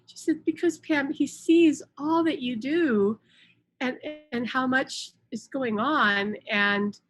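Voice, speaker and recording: A middle-aged woman talking casually on a live stream, retelling events in an animated way with many restarts and quoted dialogue. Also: high-pitched, slow pace. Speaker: host, spiritual channel.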